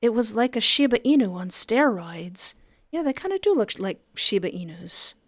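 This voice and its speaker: Woman reading a story, excited asides. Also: mid-range voice, dry recording. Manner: breaks off into excited, squealing asides. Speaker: story reader. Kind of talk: reading a story aloud with reactions.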